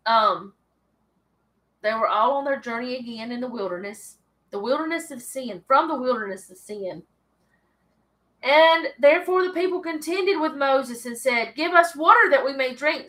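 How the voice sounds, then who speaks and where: A woman's voice: on the high side, fairly bright tone, poor audio. A woman hosting a casual Bible study, reading scripture aloud and then talking it over with chatty asides.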